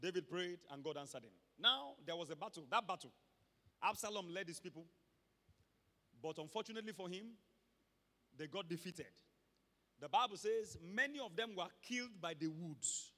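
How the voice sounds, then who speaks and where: A man with a Nigerian accent preaching a sermon to his church, emphatic and rising from quiet talk to shouts. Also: sits high, lively intonation, normal speed, long pauses. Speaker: pastor. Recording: long hall reverb.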